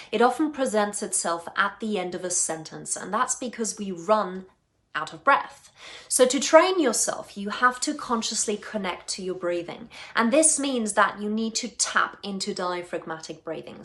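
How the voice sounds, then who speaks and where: Woman voice coach, mid-pitched, earnest and emphatic, scripted advice to camera. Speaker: speech and voice coach.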